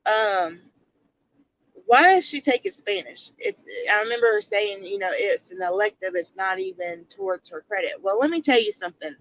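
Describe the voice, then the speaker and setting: A woman's voice: medium pitch, expressive, normal speed, a bit bright, rough recording. A woman giving casual livestream commentary, blunt and throwing rhetorical questions at her viewers.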